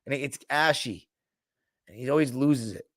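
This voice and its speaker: A man's voice: mid-range voice, moderate pace, a bit bright, dry recording, studio quality. A man hosting a sports podcast, chatting loosely and joking with his live chat, swearing freely and now and then mimicking coaches. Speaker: podcast host. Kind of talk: casual sports talk, reading live chat.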